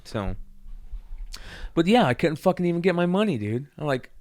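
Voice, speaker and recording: A man's voice: on the high side, big pitch swings, normal speed, a little mellow, no echo. A man co-hosting a podcast, telling a rambling story with a lot of swearing and acting out the people he quotes. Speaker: podcast co-host. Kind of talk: casual chat.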